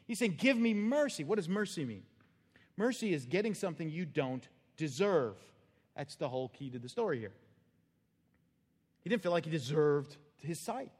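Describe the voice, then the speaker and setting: A man preaching a sermon as pastor, animated and acting out the voices and cries of the story. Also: on the high side, big-room sound.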